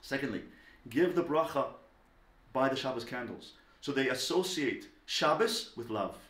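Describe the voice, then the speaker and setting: A man giving a lecture on parenting, talking emphatically and swinging between loud stressed words and soft low asides. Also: expressive, normal speed. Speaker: parenting teacher. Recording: echoey room.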